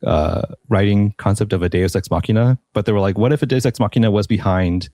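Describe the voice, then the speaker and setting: Low-pitched male host, dry sound, thoughtful and halting, casual panel talk. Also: dark tone, no room sound. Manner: thoughtful, many fillers and restarts. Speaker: podcast host.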